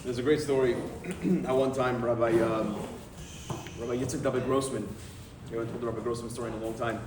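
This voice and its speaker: A male rabbi giving a talk tells stories in a brisk, medium-pitched voice. He's animated, acting out the people in them, and the room is echoey with faint noise.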